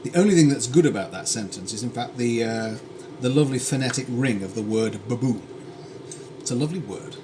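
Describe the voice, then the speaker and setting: A British man talks casually while he cooks, and his pitch rises and falls a lot. He is wry and full of tangents. Pans and dishes clatter clearly behind him in a home kitchen. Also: expressive, brisk, noisy background. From United Kingdom. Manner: chatty and wry, with tangents and dry asides. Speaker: streamer cooking live. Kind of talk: casual cooking stream chat.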